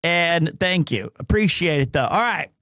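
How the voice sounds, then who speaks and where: A man with a notably high voice talks casually on a live stream. He jokes with his viewers and rambles, often stopping and restarting his sentences. The sound is dry and close, with no room echo. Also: expressive, measured pace, bright, forceful tone. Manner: rambling, full of restarts and self-corrections; joking and playful with chat.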